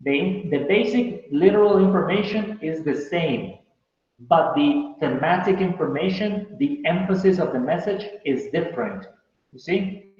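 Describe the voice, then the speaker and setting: A man's voice: a little high, lively intonation, a little slow. A male teacher giving a recorded class lecture, explaining patiently and checking in with his listeners as he goes. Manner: patient, explanatory, checks in with "right?" and "you see?". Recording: very echoey, dull lo-fi room sound.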